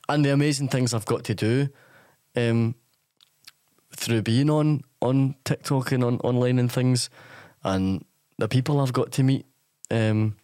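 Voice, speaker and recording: Relaxed man with a dry, close sound. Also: medium pitch, no echo. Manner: relaxed, agreeable, says "aye" a lot. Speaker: podcast guest, comedian. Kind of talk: casual chat.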